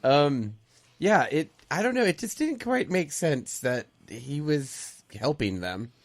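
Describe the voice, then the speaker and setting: Slow, hesitant man on a panel. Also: on the high side, big pitch swings. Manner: hesitant, filler-heavy. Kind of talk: casual panel chat.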